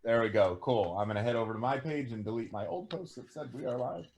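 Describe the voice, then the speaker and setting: A man co-hosting a casual live webcast, introducing the show with lively bursts and laughs. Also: mid-range voice, fast. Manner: lively, laughs between lines. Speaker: co-host.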